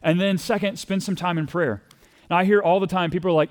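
A man's voice: high-pitched, quick pace. A man with a Texas accent preaching a sermon in a conversational way, acting out quoted voices and asking the congregation questions. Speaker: pastor.

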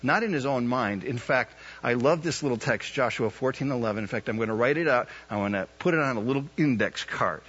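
A male pastor in his fifties delivers a sermon, his husky voice climbing into loud, emphatic peaks as he questions his listeners. The recording is dull and muffled, with the top end rolled off. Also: mid-range voice, fairly quick, hardly any pauses. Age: 50s. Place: church service. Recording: dull lo-fi sound.

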